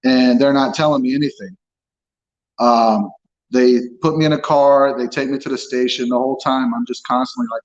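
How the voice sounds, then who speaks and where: A man's voice: medium pitch, fairly even intonation, normal speed, dull audio. A man telling his own story as an interview guest, blunt and frank, swearing freely as he talks. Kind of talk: candid personal account.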